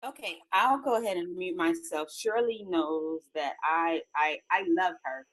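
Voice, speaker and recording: A woman's voice: on the low side, a little slow, low-quality recording. Hesitant woman calling in. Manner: hesitant, affectionate. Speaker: caller. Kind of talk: casual chat.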